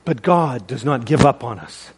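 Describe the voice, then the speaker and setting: A man preaching a sermon, calling out to the congregation and swinging between loud proclaiming and hushed, dramatic lines. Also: medium pitch, lively intonation, moderate pace, husky, big-room sound. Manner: calls to the congregation.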